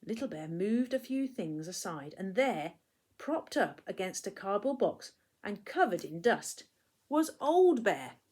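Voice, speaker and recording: Teacher lady reading a storybook to kids, lively telling, goes soft n quiet sometimes. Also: mid-range voice, measured pace, breathy edge. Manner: expressive storytelling, hushing for quiet moments. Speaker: primary school teacher. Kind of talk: reading a picture book aloud to children.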